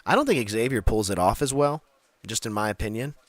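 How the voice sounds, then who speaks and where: A man's voice: lowish voice, animated, fairly quick, no room sound. A man co-hosting a casual wrestling podcast, rambling with many fillers and frequent laughs. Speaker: podcast co-host.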